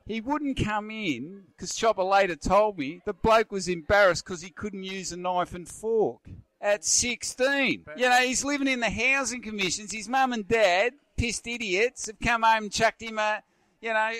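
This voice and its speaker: A man's voice: high voice, no echo. An Australian man in his fifties, a guest giving blunt, rambling rants in pub chat and calling everyone mate. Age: 50s. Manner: forceful ranting, rambling, repeats words, calls everyone mate.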